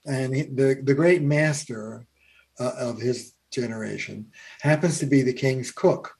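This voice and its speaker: A man's voice: mid-range voice, unhurried, creaky. A man, a family therapist, telling stories in a podcast conversation, with lots of "uh" fillers. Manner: animated storyteller, many fillers.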